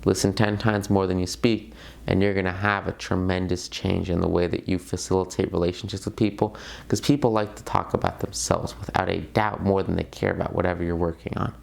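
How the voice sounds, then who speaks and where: A man's voice: low-pitched, level tone, brisk, vocal fry. A young man teaching an online self-improvement lesson in a casual, emphatic way, with many fillers. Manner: conversational, emphatic, filler-heavy. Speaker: course instructor.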